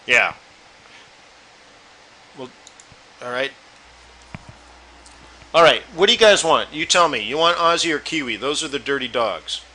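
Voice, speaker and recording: Bright-voiced man hosting a trading room. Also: mid-range voice, expressive, a little slow, long pauses, rough recording. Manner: loose, chatty, talks to viewers directly. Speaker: forex trading room host. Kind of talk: live trading webinar chat.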